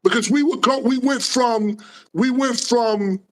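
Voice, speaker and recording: A man with a notably high voice tells his stories in a lively, profane, streetwise way. He is a guest speaking casually in an interview. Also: measured pace. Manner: animated, profane, streetwise storytelling.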